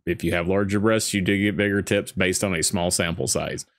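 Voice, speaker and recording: A man's voice: sits low, steady tone, a little fast. A young adult man co-hosting a casual movie-commentary podcast, rambling and jokey, laughing often. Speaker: podcast co-host.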